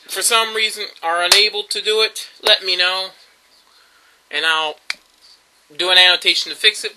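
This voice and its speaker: A man talks straight to the camera in a loose vlog monologue, wandering from one story to the next with plenty of ums and uhs. His voice sits high and sounds very bright. His pitch swings widely as he goes. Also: slight background noise, rough recording. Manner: rambling storytelling with fillers and laughs. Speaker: YouTube vlogger.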